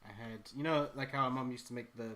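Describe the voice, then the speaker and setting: A man's voice: mid-range voice, quick pace, fairly bright tone. A man, a comic artist, chatting casually and joking dryly while drawing on a live stream. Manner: dry, joking.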